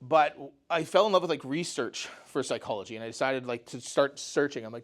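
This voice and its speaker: A man's voice: mid-range voice, a little fast, few pauses. Conversational man telling a personal story. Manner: conversational, often says "you know" and "right?". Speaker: speaker at a mental health talk.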